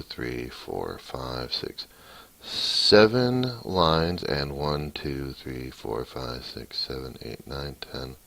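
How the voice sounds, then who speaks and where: A man's voice: rumbling low, bright, forceful tone, slight background noise. A man walking through some code casually, thinking aloud and reading lines out as he types. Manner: thinks aloud, reads code out while typing; rambling, many restarts. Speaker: hobbyist programmer. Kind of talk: casual coding walkthrough.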